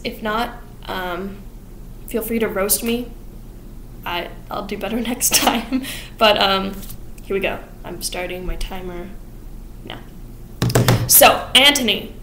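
A young woman in her late teens, a theater student, excitedly rushing through a plot recap with rambling asides. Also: medium pitch, roomy sound, background noise. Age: young adult. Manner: excited, rushed, rambling with fillers and laughs. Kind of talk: fast plot recap vlog.

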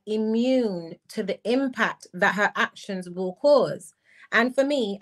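A woman hosting a live stream, reflecting at length and reading viewer comments aloud. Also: mid-range voice. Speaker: channel host.

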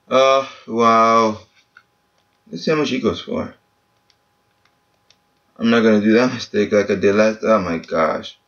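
A man's voice: mid-range voice, a bit bright, lo-fi sound. A seventeen-year-old boy giving casual, frustrated commentary while opening game packs at home, swearing often and keeping his voice down. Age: teens. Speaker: gaming channel host. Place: family home, speaking quietly.

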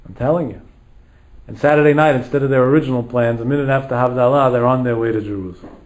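Male rabbi, mid-pitched voice, dramatic storyteller who acts out every line of dialogue. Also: fairly even intonation, racing, poor audio. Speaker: rabbi lecturer. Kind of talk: storytelling sermon.

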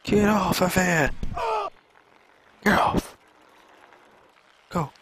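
Gravelly young man streaming a game. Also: fairly high pitch, takes it slowly, long pauses, rough recording. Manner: excitable, exclaiming and cursing at the game. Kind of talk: live gameplay commentary.

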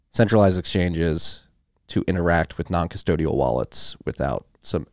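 Male podcast host, low gravelly voice, joking manner. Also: darkish tone, no echo, studio quality. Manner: joking, teasing. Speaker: podcast host reading news. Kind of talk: casual chat.

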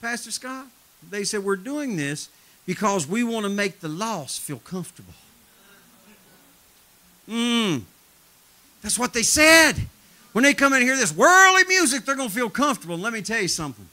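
Fiery high-voiced man preaching. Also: sing-song, moderate pace, long pauses. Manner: emphatic, swings from shouting to low intense tones; folksy, laughs at his own stories. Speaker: traveling preacher. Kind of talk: live sermon with storytelling. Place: church sanctuary.

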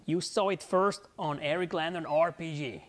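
A man's voice: a little high, steady tone, normal speed. A man hosting his own gaming channel, chatting casually through gameplay, laid-back and joking at himself.

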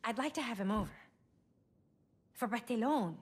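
A woman voicing a mother in a video game, speaking softly and tentatively to her teenage son. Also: on the high side, lively intonation, normal speed, slightly rough. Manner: soft, tentative. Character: gentle mother telling her teen son about dating.

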